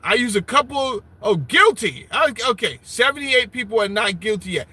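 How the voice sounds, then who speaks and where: High, bright-voiced man ranting in his car. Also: expressive, normal speed, husky. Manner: loud, swearing, joking rants with bursts of laughter. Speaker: livestream host. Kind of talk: profane live-stream rant. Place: sitting alone in his car.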